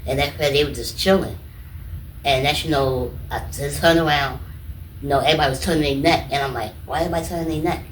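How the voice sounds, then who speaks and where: Animated man telling stories in a roomy space. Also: medium pitch, fairly quick, a little hiss or hum. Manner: animated, repeats "you know what I'm saying", acts out quotes. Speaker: guest, comedian and artist. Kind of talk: casual storytelling in an interview. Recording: roomy, distant mic, faint ambience.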